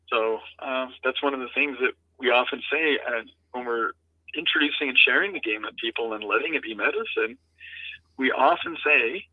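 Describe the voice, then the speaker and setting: Middle-aged man, guest founder, earnest and halting, tinny dry call-in line. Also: medium pitch, no echo. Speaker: guest, founder of an adaptive lacrosse program. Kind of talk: interview storytelling. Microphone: remote call-in.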